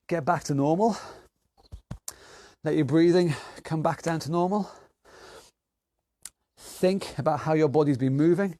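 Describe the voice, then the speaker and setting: Male home-workout coach, winded and chatty, slightly high pitch, dry garage recording. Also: warm tone, no echo. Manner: jokey, rambling coaching with countdowns. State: out of breath. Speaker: fitness instructor. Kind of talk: online workout class.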